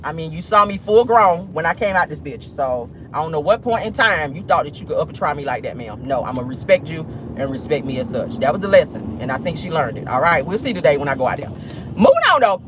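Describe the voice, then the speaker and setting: A sassy woman tells a story in a casual gossip vlog. Her voice swings from high to low as she talks. A faint hum of road rumble sits under her voice while she drives. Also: quick pace. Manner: animated, sassy, swearing storyteller. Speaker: host. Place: in a car, driving.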